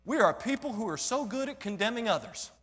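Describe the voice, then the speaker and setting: A man preaching a sermon in a high voice, animated, joking and throwing rhetorical questions at the congregation. His voice rings with a long reverb, as in a church hall. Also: a little fast, slightly rough. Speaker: pastor.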